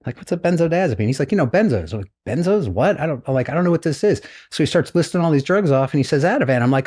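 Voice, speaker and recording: A man's voice: fairly high pitch, quick pace, hardly any pauses, breathy edge. A middle-aged American man, a retired naval flight officer, telling his story casually as a podcast guest and acting out the voices of people in it. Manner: animated storyteller, acts out quoted voices.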